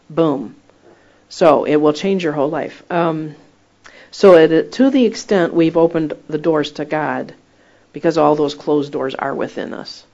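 A woman's voice: low-pitched, moderate pace. A woman minister giving an informal, chatty sermon to a group, mixing teaching with personal stories. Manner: lively, chatty, laughs at her own stories. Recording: dull lo-fi recording.

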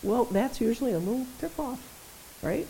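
This is a woman delivering a sermon in a relaxed, conversational style, often turning to her listeners with quick questions. Her voice is mellow and warm rather than bright. A faint hiss runs under the recording. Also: on the high side, creaky, rough recording. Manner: conversational, animated, tag questions. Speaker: preacher.

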